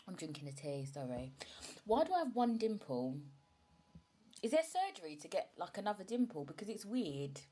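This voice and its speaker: A woman's voice: medium pitch, sing-song, moderate pace, warm tone, a little hiss or hum. A young woman hosting a solo podcast, talking frankly and chattily, and emotional today. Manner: frank and chatty, often asks "do you know what I mean". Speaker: podcast host. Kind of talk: candid solo podcast monologue.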